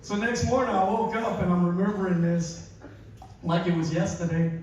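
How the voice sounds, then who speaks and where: A man in his forties tells loose, self-mocking stand-up stories in a fairly high voice. He is recorded from a distance in a big, ringing theater hall. The sound is dull and a little lo-fi, with noise underneath. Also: normal speed, a little mellow. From Louisiana. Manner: laid-back, self-mocking storytelling with chuckles. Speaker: stand-up comedian. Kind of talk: stand-up comedy set. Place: large theater stage. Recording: echoey hall recording from far off. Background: audience laughter.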